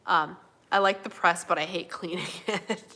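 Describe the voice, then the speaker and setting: Bright-voiced woman chatting live with viewers. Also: fairly low pitch, steady tone, moderate pace. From Minnesota, USA. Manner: chatty, fillers and yawning, says y'all. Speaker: livestream host. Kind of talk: casual live chat reading viewer comments.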